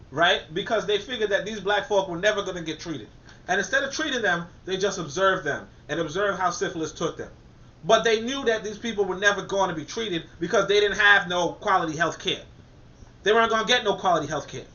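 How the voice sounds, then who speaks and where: A man giving a casual spoken commentary in an animated way, restarting phrases and saying "you know" often. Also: high-pitched, a little fast, dull audio.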